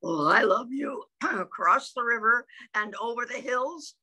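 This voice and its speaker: A woman voicing a big, loving father hare in a storybook read-aloud, in a steady fatherly manner. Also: on the high side, measured pace, slightly rough, pitched above the performer's own voice, heavily acted.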